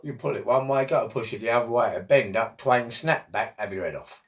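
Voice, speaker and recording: A man's voice: mid-range voice, fairly quick. A middle-aged man, talking in a chatty, rambling monologue full of jokey asides.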